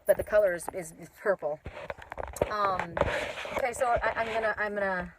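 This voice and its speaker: A woman spiritual reader chatting casually on a live stream, rambling and animated, talking into her phone outdoors in the mountains. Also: mid-range voice, normal speed, heavy background noise.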